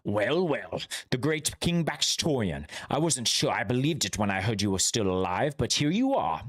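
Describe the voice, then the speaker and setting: A man's voice: medium pitch, very animated. Man playing a sneering elven lord villain. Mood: menacing. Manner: slow, sneering, condescending.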